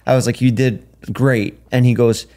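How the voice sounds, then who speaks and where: A man, a comedian guest on a podcast, telling animated stories with stammered restarts. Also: mid-range voice, moderate pace. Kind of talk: casual chat.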